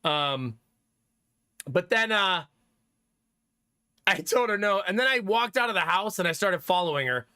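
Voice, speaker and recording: A man streaming live, chatting casually with his viewers, animated and laughing often, with some swearing. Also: sits high, measured pace, long pauses, smooth, no echo, clean studio sound.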